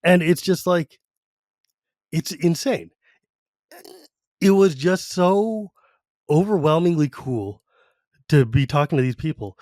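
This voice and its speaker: A man's voice: a little high, animated, darkish tone, no room sound, studio quality. A man hosting a podcast, chatting casually and enthusiastically, with lots of "like" asides as he tells stories. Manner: enthusiastic, fast-talking, full of "like" asides. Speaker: podcast host.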